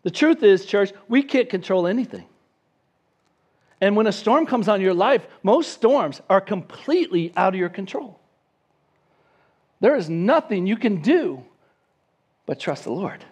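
A man preaching a sermon as pastor, lively, acting out quoted voices. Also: high-pitched, unhurried, long pauses, husky. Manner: animated, acts out the disciples' voices.

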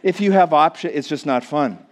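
A man's voice: a little high, fairly quick. Casting: forties male pastor, Minnesotan accent, folksy and self-mocking, chatty sermon delivery. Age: 40s. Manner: joking, self-deprecating, chatty with many fillers. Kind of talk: casual sermon to a congregation.

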